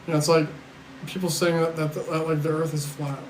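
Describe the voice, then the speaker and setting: A man's voice: a little high, little pitch movement, fairly quick, reverberant, slight background noise, rough recording. Blunt, rambling man on a livestream. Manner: rambling, blunt and profane, with restarts and sarcasm. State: tired. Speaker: livestream host answering chat. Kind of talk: casual live-stream chat.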